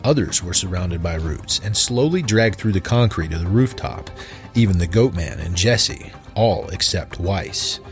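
Low-voiced man narrating a horror story. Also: animated, a little slow, soft background music.

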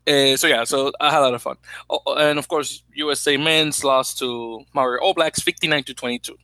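Bright-voiced man telling a rambling story. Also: mid-range voice, fairly quick, dry recording, poor audio. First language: Spanish. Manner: rambling, animated storytelling with many fillers. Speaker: podcast co-host. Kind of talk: casual chat.

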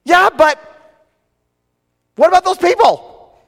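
A man putting on a high-pitched whiny protester, pleading, long hall echo. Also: lively intonation, slow, a bit bright, exaggerated voice. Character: whining man protesting to God.

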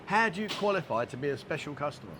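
A man's voice: fairly high pitch, very animated, fast, a bit bright, a little hiss or hum. A man with a London accent, interviewing someone in a bar with casual, teasing banter. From London, England.

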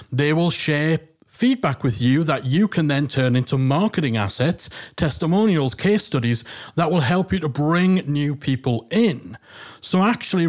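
A man with a Geordie accent hosting a business podcast, talking in a chatty, emphatic, self-deprecating way. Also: on the high side. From Northeast England. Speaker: podcast host. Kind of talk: casual podcast monologue.

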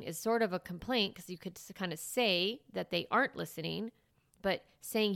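With a lowish, slightly bright voice touched by vocal fry, this parenting podcast host offers casual advice at a moderate pace. Her talk rambles chattily with many fillers and false starts, recorded in studio quality without echo.

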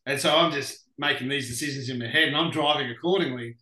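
An Australian man, a racing driver and podcast guest, telling lively anecdotes with frequent laughs. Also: medium pitch, fast talker. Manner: animated anecdotes, laughs often. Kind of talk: casual storytelling interview. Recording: roomy echoey room.

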